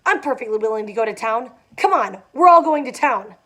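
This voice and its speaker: Tom, a woman doing a loud, blustering rich man. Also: fairly high pitch, lively intonation, a little fast. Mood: impatient. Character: brash, domineering wealthy man with a short temper.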